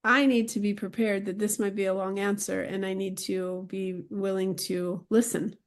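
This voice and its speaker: A middle-aged woman hosts a podcast interview in a chatty, animated way. Her pitch sits in a comfortable middle range. She gets lively as she shares personal stories. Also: normal speed. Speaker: podcast host.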